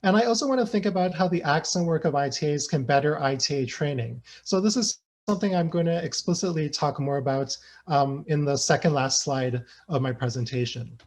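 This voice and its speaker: A man's voice: on the high side, fairly quick. Man giving a lecture full of "right?". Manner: frequent fillers and tag questions. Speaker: guest lecturer. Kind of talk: academic talk.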